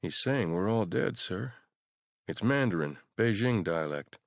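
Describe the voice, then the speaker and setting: A male narrator voicing a young soldier who answers in a steady, respectful, matter-of-fact way. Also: lowish voice, measured pace, no room sound, studio quality, pitched above the performer's own voice. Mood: calm.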